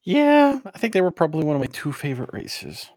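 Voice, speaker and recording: A podcast co-host in casual chat, lively and chiming in with agreement. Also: mid-range voice, a little fast, no room sound, clean studio sound.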